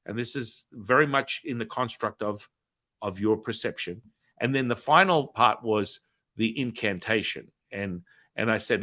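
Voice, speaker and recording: A man hosting a podcast, telling a story in a chatty way with many fillers and tag questions, and acting out the dialogue with big swings in pitch and loudness. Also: measured pace. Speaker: podcast host. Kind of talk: animated storytelling.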